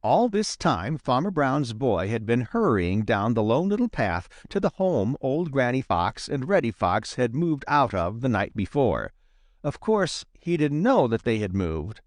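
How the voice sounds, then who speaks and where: Male audiobook narrator for a kids' story, animated delivery, dry close sound. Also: medium pitch, a little slow, dry recording. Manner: lively, expressive reading.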